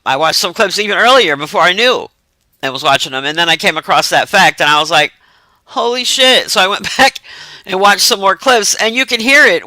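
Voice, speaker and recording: A man's voice: fairly high pitch, pushed and bright, dry recording. A man casually reviewing a movie in a rambling, filler-heavy way, with loose slang.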